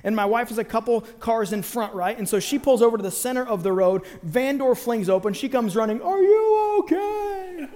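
A man preaching through a personal story, with a high-pitched voice. He tells it with animated energy and pops in and out of the voices of the people he quotes. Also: brisk, hardly any pauses, big-room sound. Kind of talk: sermon storytelling.

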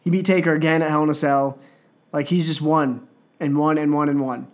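Excited podcast guy rambling on, kinda high voice, lots of little asides. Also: fairly quick. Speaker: wrestling podcast host. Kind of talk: casual podcast commentary.

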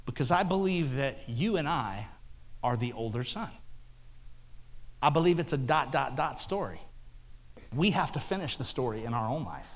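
A man's voice: mid-range voice, normal speed, pauses often. A middle-aged man preaching a sermon as a pastor, telling jokey stories and bantering with the congregation. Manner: animated, joking storytelling with the congregation. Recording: long hall reverb, faint music.

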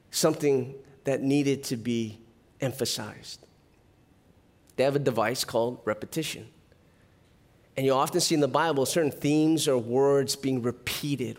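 Pastor, male, high voice, lively sermon full of questions and light humor.

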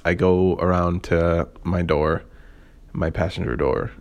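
A young man with a very low voice spins a casual story for his podcast. He rambles and swears freely, leans hard on fillers, and keeps a sarcastic streak running through the telling. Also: steady tone, unhurried. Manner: rambling, profane, filler-heavy. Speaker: podcast host.

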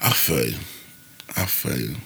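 A man co-hosting a podcast, chatting casually with a gravelly, husky voice and often jumping into exaggerated quotes. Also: very deep voice, unhurried, a little hiss or hum. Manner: expressive, jumps into exaggerated quotes. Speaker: podcast co-host. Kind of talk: casual chat.

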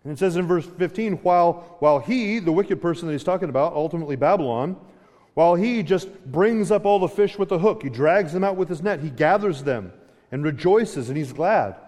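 A man's voice: fairly high pitch, animated, a little fast, darkish tone, in a large hall. A man preaching a sermon in a conversational way, restarting phrases often and acting out dialogue. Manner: conversational, with frequent restarts and dramatic paraphrase. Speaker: pastor.

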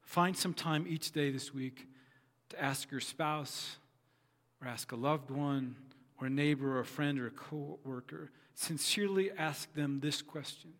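An earnest male pastor preaches in a church hall, his slightly raised voice trailing off into a long reverb. He tells his story in measured, repeated phrases, leaning on each line for emphasis. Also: a little high, fairly bright tone. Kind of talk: sermon.

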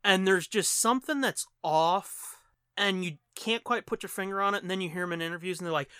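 A man co-hosting a podcast in casual chat, animated and joking, swearing casually. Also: high voice, clear, resonant tone, no room sound. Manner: animated, quick impressions and jokes, swears casually. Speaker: podcast co-host.

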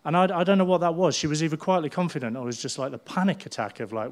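A middle-aged man, preaching a sermon as a pastor in a lively storytelling manner. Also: on the high side, fast, hardly any pauses. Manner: animated storytelling, acting out people's voices.

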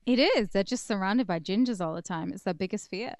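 A woman's voice: medium pitch, no room sound, studio quality. Bawdy podcast co-host woman. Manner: bawdy, quick to laugh. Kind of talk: casual comedic banter.

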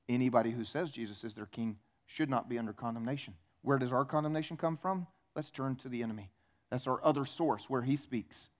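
A man's voice: mid-range voice, a little mellow. A man preaching a sermon in a church, talking to the congregation in a conversational way and acting out the voices he quotes. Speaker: pastor.

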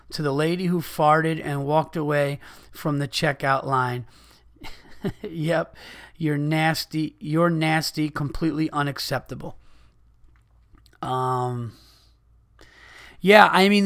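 Fired-up swearing man, gravelly voice. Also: on the high side, fairly bright tone. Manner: heated, swearing, restarts often. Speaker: podcast host. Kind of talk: profane comedic rant.

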